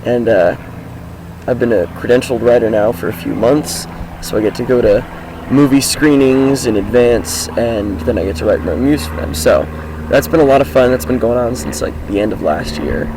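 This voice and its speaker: A teenage boy talking casually outdoors about his life, with a groggy, hoarse voice and a rambling, upbeat manner. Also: mid-range voice, normal speed, noisy background. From Washington State, US. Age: teens. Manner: rambling, upbeat, many fillers. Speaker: high school student vlogger. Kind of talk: casual self-introduction vlog. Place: outdoors, sitting on his car.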